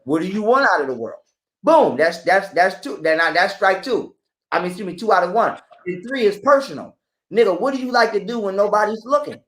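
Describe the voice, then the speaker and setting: A man's voice: high voice, animated, brisk, a bit bright, roomy sound. A man giving blunt, profane relationship advice in a casual live-stream talk, preaching at his listeners. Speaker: podcast guest.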